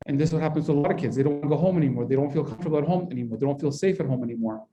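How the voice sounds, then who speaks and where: Male workshop presenter, warm mellow tone, conversational and interactive with a live audience. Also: a little high, rapid-fire. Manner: conversational, keeps asking the audience "right?". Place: mosque hall, indoors.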